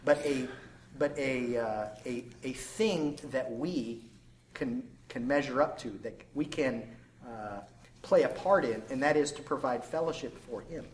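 A man in a Bible study group speaking reflectively and hesitantly, with many pauses and fillers. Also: mid-range voice, slight background noise, low-quality recording. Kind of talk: group discussion.

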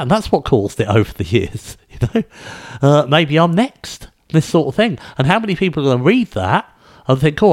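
A middle-aged man, giving casual news commentary in a rambling way, with many fillers and restarts. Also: medium pitch.

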